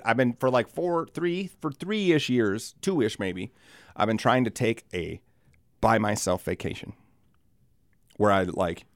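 A man chatting on a podcast with a lively, swooping delivery and a dry, close sound. He rambles freely, swears often and laughs at his own stories. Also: lowish voice, no room sound. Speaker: podcast co-host. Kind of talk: casual chat.

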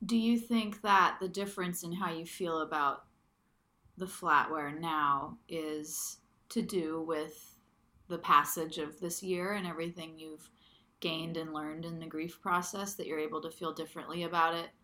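A woman with a fairly low but bright, forceful voice talks bluntly in a casual conversation. She tells stories in an animated way and swears freely. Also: measured pace.

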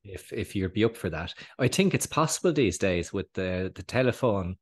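An Irish man co-hosting a podcast in casual chat, slightly hoarse from a cold, rambling and laughing often. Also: low-pitched, expressive, normal speed. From Ireland. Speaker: podcast co-host.

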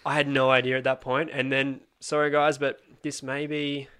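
A man's voice: medium pitch, flat delivery, normal speed, pushed and bright, smooth. A man hosting a casual beer podcast, joking and rambling at himself. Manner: jokey, rambling, laughing at himself. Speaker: podcast host.

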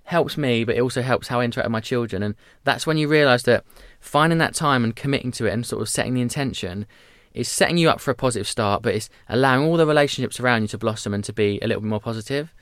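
Recorded at studio quality with no echo, a man in his thirties speaks in a mid-range voice as a podcast guest. He tells stories candidly and briskly, bringing them to life with little impressions.

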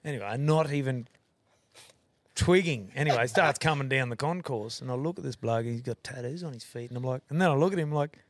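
Fast-talking Australian man telling yarns. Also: medium pitch. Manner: rambling, swears freely, self-corrects. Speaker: podcast guest. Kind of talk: casual storytelling.

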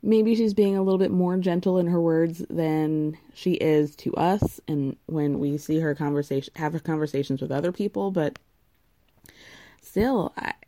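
Young woman ranting about a dating show, snarky and blunt, lowish warm voice. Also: steady tone, moderate pace, no room sound, clean studio sound. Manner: sarcastic, blunt, swears freely. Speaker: podcast host recapping a reality show. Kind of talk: casual chatty recap.

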